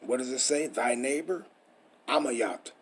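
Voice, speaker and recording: Husky, emphatic preaching man. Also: fairly high pitch, lively intonation, measured pace. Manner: preachy, emphatic, profane, rhetorical questions. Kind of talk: street-style scripture teaching.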